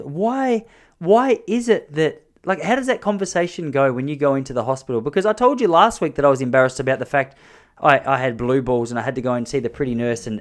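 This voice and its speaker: A man hosting a solo podcast, rambling and joking in an animated way. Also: a little high. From Australia. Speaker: podcast host. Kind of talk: solo comedic monologue.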